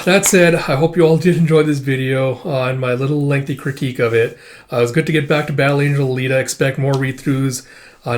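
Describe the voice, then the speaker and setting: A man hosting his own channel, giving a rambling, candid spoken review of a manga volume, full of "like" and "you know" fillers. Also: fairly high pitch. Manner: opinionated, candid critique.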